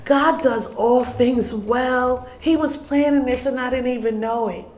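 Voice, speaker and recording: A middle-aged woman who owns a food business tells a personal story as a guest in an interview, acting out dialogue and swinging between hushed and loud. Her voice is high and her pace measured, and the room is echoey.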